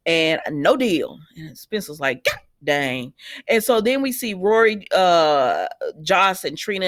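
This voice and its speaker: A woman's voice: medium pitch, fairly bright tone, no room sound, clean studio sound. Chatty woman recapping soap scenes. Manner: chatty, retells scenes quoting characters, talks back at them. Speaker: soap opera recap vlogger. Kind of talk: casual episode recap.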